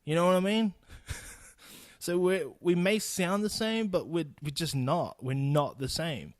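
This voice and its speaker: A man's voice: on the high side, measured pace, dry recording, clean studio sound. A young man with a New Zealand accent ranting bluntly and swearing freely on his solo podcast. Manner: blunt, sweary, laughing asides. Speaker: podcast host. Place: home recording in Austin.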